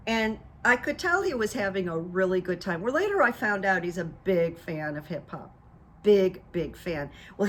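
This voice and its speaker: A middle-aged woman recapping events in a casual, chatty way, acting out what others said as she goes. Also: mid-range voice. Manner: animated storyteller, acts out what others said. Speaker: political commentary vlogger and hypnotherapist.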